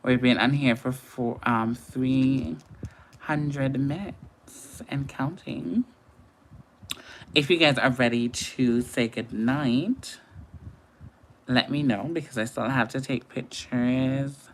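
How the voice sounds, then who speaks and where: A woman's voice: rumbling low, takes it slowly, slight background noise. A young woman from Antigua with a Caribbean accent, chatting casually with viewers on a late-night makeup livestream, laughing often. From Antigua and Barbuda.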